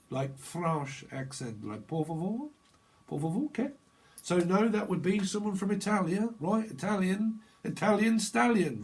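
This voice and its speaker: A man's voice: sits high, mellow, breathy edge. A man giving a casual, off-the-cuff tarot reading, rambling through jokey, slangy wordplay. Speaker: tarot reader.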